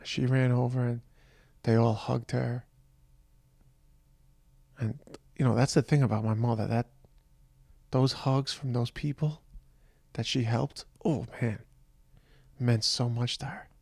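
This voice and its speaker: A man hosting a podcast, talking slowly and reflectively in a tired, halting personal monologue. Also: mid-range voice, steady tone, creaky, a little mellow, no echo. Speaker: podcast host.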